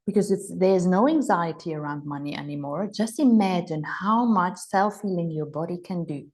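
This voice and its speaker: Energetic woman coaching. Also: lowish voice, moderate pace. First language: German. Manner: enthusiastic, exclamatory, acts out gushing voices. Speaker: healing and money mentor. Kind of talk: live online coaching session.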